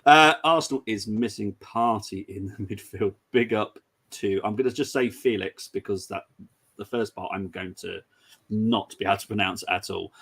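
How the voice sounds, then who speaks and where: Gravelly-voiced man hosting a football chat. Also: lowish voice, a bit bright. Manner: chatty, giggly, reads out viewer comments. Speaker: host. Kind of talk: casual football preview chat.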